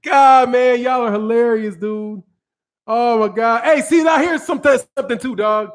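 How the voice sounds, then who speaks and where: A man's voice: very high voice, normal speed. A man hosting a boxing channel, giving casual live-stream commentary in slangy, profane talk, laughing often and answering chat comments.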